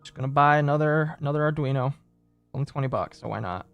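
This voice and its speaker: A man's voice: mid-range voice, fast, creaky, lo-fi sound, soft background music. A man streaming, chatting casually and reading messages aloud, rambling and trailing off mid-thought.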